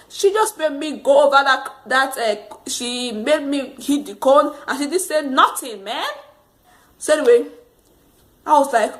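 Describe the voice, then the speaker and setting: A woman telling a casual storytime monologue to camera, rambling and animated, laughing often. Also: high voice, a little slow. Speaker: vlogger.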